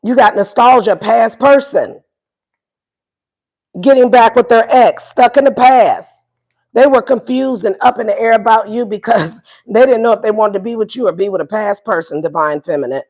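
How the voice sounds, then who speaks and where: A woman's voice: fairly high pitch, moderate pace, darkish tone. A woman doing a casual livestream tarot reading, playful and profane, repeating her questions to the viewers. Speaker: tarot reader.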